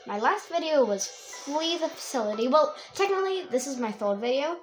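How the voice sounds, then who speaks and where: A woman giving rambling, excitable let's-play commentary as a young YouTuber, laughing often. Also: sits high, normal speed, faint music behind. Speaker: gamer and YouTuber.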